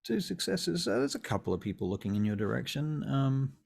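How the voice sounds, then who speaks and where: A man narrating as game master of a tabletop role-playing game, in a lively, stammering way. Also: medium pitch, brisk, gravelly.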